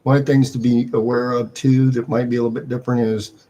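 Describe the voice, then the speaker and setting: A man's voice: medium pitch, flat delivery, quick pace, dark tone, dull audio. A man running a fantasy football draft on a live stream, casually explaining the league's scoring rules with frequent restarts.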